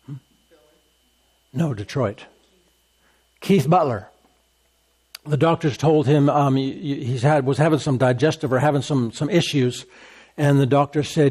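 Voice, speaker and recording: A man preaching a sermon as pastor, emphatic and repetitive, with deliberate bursts of laughter. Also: medium pitch, a little mellow, slightly rough.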